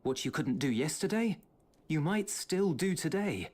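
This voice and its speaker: An earnest young man from a video game speaks in a measured, encouraging way. His pitch rises and falls in lively turns as he offers calm reassurance. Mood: reassuring.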